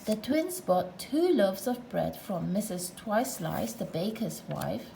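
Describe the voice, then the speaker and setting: A woman's voice: medium pitch, sing-song, measured pace, vocal fry, mellow, a little hiss or hum, rough recording. A woman narrating a children's storybook aloud, with playful asides to the listener.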